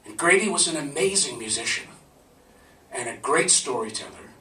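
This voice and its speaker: Laughing and conversational, a man recounts a personal story before a live audience at an event venue. He speaks in a mid-range voice with a sharp tone and big pitch swings, at a moderate pace. The audio, from a distant camcorder, is roomy and remote.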